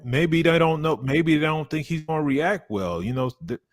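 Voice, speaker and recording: A man's voice: a little high, moderate pace, no echo. Casting: man, casual boxing talk, rambling and profane, dry close mic. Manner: animated, profane, rambling with many fillers. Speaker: boxing co-host. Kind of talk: casual live watch-along chat.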